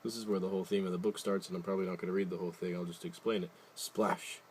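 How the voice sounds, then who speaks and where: A man's voice: low-pitched, little pitch movement, racing, a little mellow, slight background noise. A man casually reading a picture book aloud, adding wry, jokey asides and loosely retelling the story. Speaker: reader.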